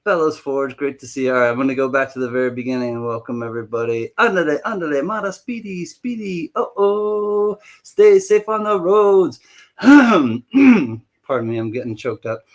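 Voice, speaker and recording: A man's voice: mid-range voice, animated. A man hosting a live online auction stream, greeting viewers one by one in a playful, joking way. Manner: playful and jokey, rattles off viewer names quickly. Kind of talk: casual livestream chat greeting viewers.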